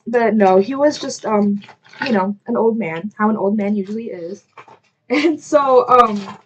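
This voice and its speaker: With the highs cut off from the audio, a young woman's medium-pitched voice comes through as she gets ready at home and tells a story for her vlog. Her telling is rambling and full of "like," and she keeps interrupting herself to apologize or chat to the camera.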